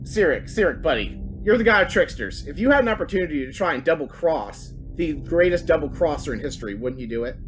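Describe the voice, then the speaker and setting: Playful tabletop player, animated intonation, faint music underneath. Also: mid-range voice, quick pace, few pauses, poor audio. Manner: playful, teasing, argumentative. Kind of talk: tabletop role-play.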